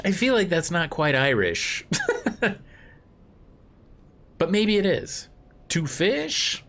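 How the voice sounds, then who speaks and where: A man's voice: a little high, expressive, normal speed, a bit bright. A man casually commentating a story game live, chatting with viewers and giggling at his own slips. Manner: chatty, rambling, giggly asides to chat. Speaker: streamer.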